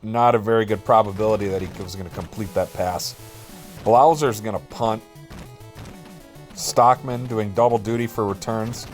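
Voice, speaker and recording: A man with a lowish voice gives relaxed, jokey play-by-play commentary over a football video game, tossing in self-deprecating asides.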